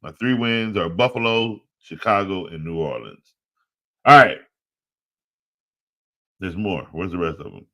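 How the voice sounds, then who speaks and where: A man hosting a fantasy football show, talking casually and excitedly, laughing often and trash-talking teams in slangy speech. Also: deep voice, a little slow, long pauses. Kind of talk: casual solo sports commentary.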